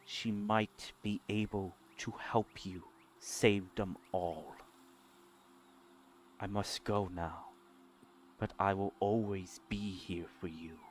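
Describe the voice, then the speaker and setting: A man voicing a gentle, mysterious motherly woman who speaks softly and slowly, holding back sorrow. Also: lowish voice, slight background noise, pitched below the performer's own voice. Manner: soft, hushed and slow.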